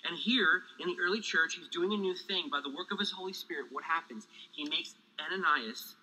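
Bright-voiced animated preaching man. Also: on the high side, brisk, a little hiss or hum, rough recording. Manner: energetic, animated preaching with asides and jokes. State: sweating, overheated. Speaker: pastor. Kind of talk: sermon.

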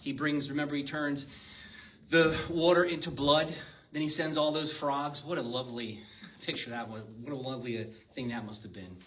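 A man's voice: medium pitch, fairly even intonation, moderate pace, fairly bright tone, slight background noise. A man preaching a sermon in a church, reading scripture and talking to the congregation in a conversational way, asking them questions. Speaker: pastor. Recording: distant mic with faint ambience.

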